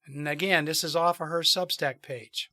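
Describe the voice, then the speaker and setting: A man hosting a show, reading poems aloud in a measured, solemn way. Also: on the high side, steady tone, bright, forceful tone. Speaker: host and storyteller.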